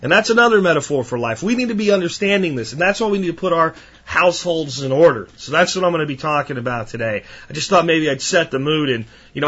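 A man's voice: medium pitch, a bit bright, husky, highs cut off. A man hosting a podcast who talks in a passionate, emphatic, ranting way. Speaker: podcast host. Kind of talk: monologue podcast.

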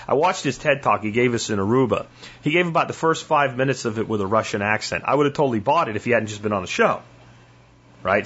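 A man's voice: medium pitch, fairly bright tone, breathy edge. A man hosting his own podcast, talking casually in a rambling storytelling way, with restarts and some swearing. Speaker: podcast host. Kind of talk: casual solo monologue. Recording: slightly muffled, lo-fi podcast audio.

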